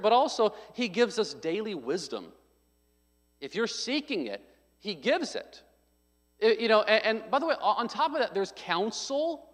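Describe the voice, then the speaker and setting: A male pastor preaching a sermon, emphatic and conversational, with frequent restarts and loud stressed points. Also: high voice, in a large hall.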